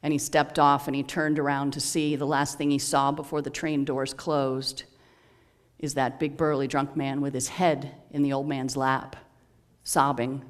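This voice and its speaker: Slow, measured sermon storyteller. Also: medium pitch, level tone. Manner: slow, measured, dramatic pauses. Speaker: minister.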